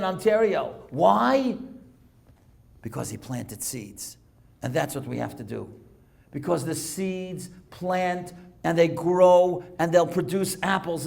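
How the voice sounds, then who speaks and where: In a synagogue, a male rabbi delivering a guest lecture tells stories as a sermon. His voice is high with a gravelly edge, and he speaks animatedly, reading Hebrew texts aloud and translating them on the fly.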